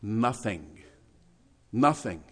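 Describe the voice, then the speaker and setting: A man's voice: fairly low pitch, lively intonation, drawn-out words, husky. Emphatic middle-aged preacher man. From New Jersey. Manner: emphatic, shifts between loud stresses and quiet asides. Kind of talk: sermon.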